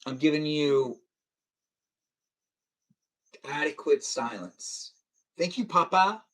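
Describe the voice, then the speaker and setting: Reading viewer comments on his livestream, a young man jokes around with his audience and laughs a lot. His voice sits a little high and sounds animated and fairly bright, and he keeps a measured pace.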